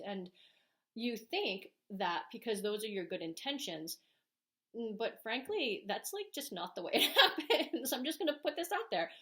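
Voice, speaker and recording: A woman's voice: mid-range voice, animated, moderate pace, fairly bright tone. A middle-aged woman vlogger talking frankly and emphatically to camera about parenting, with plenty of ums. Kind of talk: opinionated casual talk to camera.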